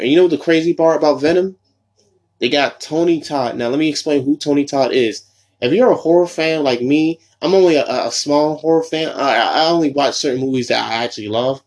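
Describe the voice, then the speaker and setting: A young man hosting a casual solo podcast, rambling and excitable, full of fillers and restarts. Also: mid-range voice. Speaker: podcast host.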